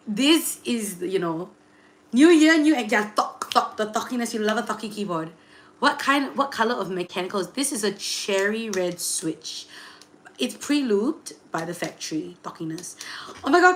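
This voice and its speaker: Young woman chatting on a livestream, lots of like and you know, gets excited greeting chat. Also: medium pitch. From Singapore. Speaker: livestream host and tarot reader.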